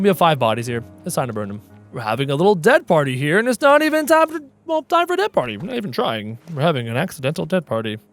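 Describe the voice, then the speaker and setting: High, lively-voiced man joking through a game. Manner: playful, chatty, full of puns; laughs at his own jokes. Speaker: gaming video host. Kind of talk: casual let's-play commentary.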